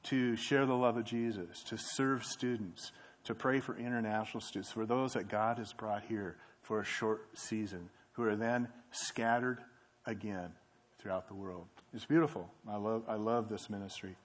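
A man's voice: on the low side, steady tone, normal speed. A man giving an earnest church talk about campus ministry, with many fillers and restarts.

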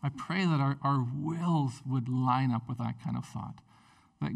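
A male pastor preaching a sermon in a conversational, animated way, with frequent fillers and restarts. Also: mid-range voice, a little slow, creaky, far from the mic.

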